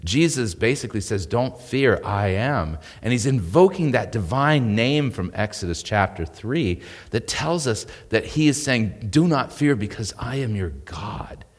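A man's voice: medium pitch, expressive, unhurried, hardly any pauses. A man preaching a midweek sermon as pastor, teaching in a conversational way and often checking in with "right?". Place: church sanctuary. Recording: long reverb of a church hall.

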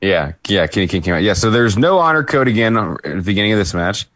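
Male co-host with a lower voice, easygoing play-by-play recap, dry room. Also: very animated, fast talker, a bit bright, no room sound. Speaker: podcast co-host.

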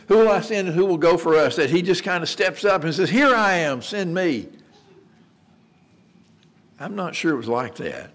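A man preaching a sermon in a conversational way, asking rhetorical questions and repeating words as he restarts. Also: fairly high pitch. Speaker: pastor.

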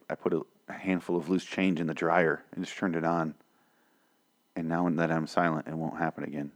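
Young male podcast host, low voice gone weak, sarcastic swearing review rant. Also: flat delivery, fairly quick. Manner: profane, sarcastic and exasperated. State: weak, strained voice. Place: home room with dogs. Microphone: desk microphone.

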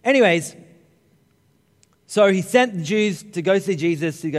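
A middle-aged Australian man preaching a sermon, telling funny stories with lively, joking asides to the congregation. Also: sits high, moderate pace, pauses often. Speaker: pastor. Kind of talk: humorous storytelling sermon. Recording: long reverb of a large hall.

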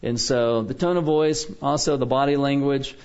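A man teaching a biblical counseling class in a relaxed lecture style, often checking in with his listeners by asking "okay?". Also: mid-range voice, normal speed, clear, resonant tone, muffled recording.

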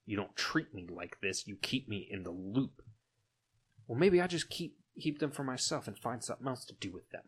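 A man voicing an angry male crime boss talking on the phone, gruff and curt, in a tabletop game. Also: mid-range voice, lively intonation, moderate pace.

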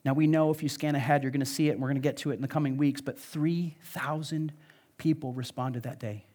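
A man's voice: mid-range voice, fairly even intonation, quick pace, darkish tone. A man with a Midwestern American accent preaching a sermon to his church, earnest and conversational, with frequent fillers and restarts. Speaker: pastor.

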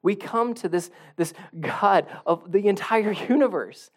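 A male pastor preaching a sermon, swinging from soft near-whispers to loud emphatic bursts and repeating phrases for emphasis. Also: high voice, measured pace.

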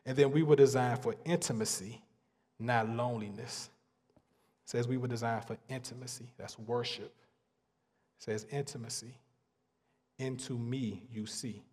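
A man's voice: medium pitch, fairly even intonation, darkish tone. Earnest preacher man in a reverberant hall. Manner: earnest, builds emphasis with pauses and repeats. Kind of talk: sermon.

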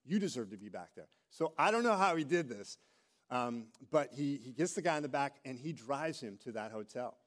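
A middle-aged man preaching a sermon as a pastor, telling stories with animated delivery and acting out quoted voices. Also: mid-range voice, normal speed.

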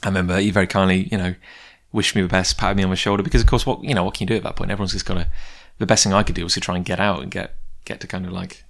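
A man's voice: low-pitched, little pitch movement, racing, creaky, few pauses, fairly bright tone. A man who makes comic books, telling a rambling personal story in a casual, self-deprecating way and going off on tangents. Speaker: comic book creator.

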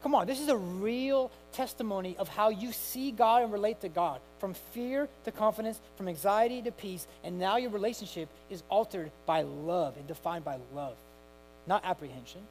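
A middle-aged man preaching a sermon with passion, moving from hushed tones to loud cries. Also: high-pitched, normal speed, soft background music, poor audio. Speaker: pastor.

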